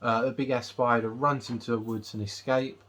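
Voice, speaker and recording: A man in a casual movie review vlog, talking at an everyday middle pitch. He recaps the plot loosely, pausing often on ums and uhs as he goes. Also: steady tone, fairly bright tone. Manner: rambling recap with many fillers. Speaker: film reviewer.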